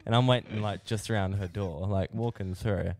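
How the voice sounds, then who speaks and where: A man's voice: lowish voice, fairly even intonation, normal speed, darkish tone. A young man with an Australian accent, rambling through a story in casual podcast chat, swearing freely and laughing as he talks. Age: young adult. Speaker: podcast co-host.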